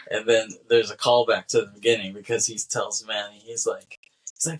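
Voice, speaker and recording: A man with a low, slightly husky voice talks through a film's plot in casual podcast chat. He rambles from beat to beat, putting on the characters' lines as he goes and laughing along. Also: steady tone, moderate pace, poor audio. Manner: rambling recap with acted-out quotes and laughs. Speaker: podcast co-host. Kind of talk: casual film discussion.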